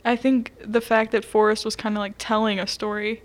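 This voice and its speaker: A woman's voice: medium pitch, little pitch movement, fairly quick. A woman co-hosting a podcast, chatting casually and playfully about a movie, rambling and laughing easily. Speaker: podcast co-host.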